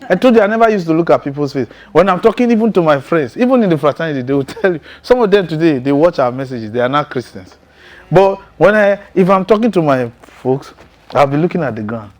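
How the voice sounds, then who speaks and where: A man's voice: a little high, animated, fast. Male preacher, testimony sermon, intense and emphatic, chuckles often.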